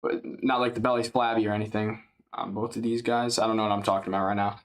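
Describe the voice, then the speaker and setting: A man giving casual, rambling live play-by-play commentary on a fight, chatty and jumping up in excitement at big strikes. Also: on the low side, quick pace. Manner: drowsy and yawning at times.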